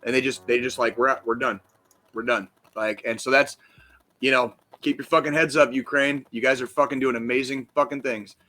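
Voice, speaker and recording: Man, podcast co-host, bright and forceful, brash and profane. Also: mid-range voice, fairly even intonation, a little fast, faint music behind. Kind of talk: casual chat.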